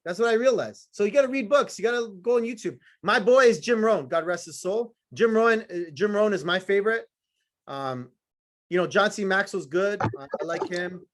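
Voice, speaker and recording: Man, high voice, motivational speaker, blunt and profane, punchy repeated lines, teasing the crowd. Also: normal speed. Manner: repetitive punchy phrasing. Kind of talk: live motivational talk to a sales team.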